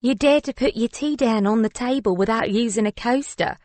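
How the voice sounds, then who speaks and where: A woman's voice: fairly high pitch, normal speed, darkish tone, no room sound, voice pushed up, close to an everyday voice. A woman voicing a blunt, teasing young sister in an audiobook, with a slangy, casual way of talking. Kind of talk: audiobook character voice.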